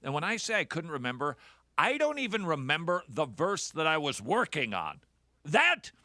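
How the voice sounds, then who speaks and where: A man's voice: fairly high pitch, sharp tone, no room sound, studio quality. A man hosting a radio talk show, delivering a sarcastic, jokey monologue. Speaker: host.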